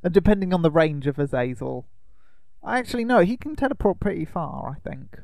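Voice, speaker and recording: A man's voice: fairly high pitch, animated, brisk, gravelly, a little mellow, no echo. A man co-hosting a casual podcast chat, explaining the plot patiently and laughing often. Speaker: podcast co-host.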